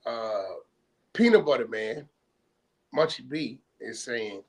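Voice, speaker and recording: A man's voice: medium pitch, animated, takes it slowly, breathy edge. A man from California retelling a story in casual streetwise slang, often checking in with "right?" and acting out both sides of old phone calls. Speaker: guest.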